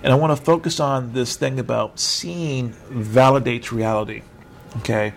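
A man's voice: medium pitch, steady tone, moderate pace, vocal fry, slight background noise. A middle-aged man giving an informal teaching sermon over a video call, conversational and rambling with self-mocking humor. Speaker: preacher.

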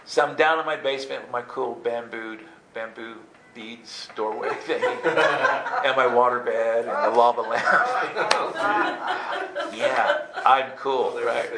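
A man telling a funny personal story in an animated way, jumping into high squeaky voices to act out his younger self. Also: slow, noisy background. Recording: roomy echo, faint ambience.

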